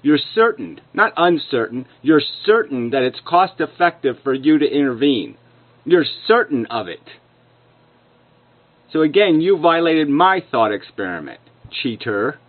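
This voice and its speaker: A man's voice: fairly high pitch, big pitch swings, measured pace. Furious, profane man ranting, phone-like sound. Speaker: video commentator. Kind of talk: angry rebuttal rant.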